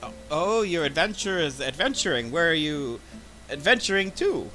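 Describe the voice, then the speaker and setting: A man's voice: on the high side, big pitch swings, normal speed, pushed and bright, faint music behind, poor audio. A man voicing a friendly, fussing oasis front-desk clerk who stumbles politely over his questions. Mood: welcoming.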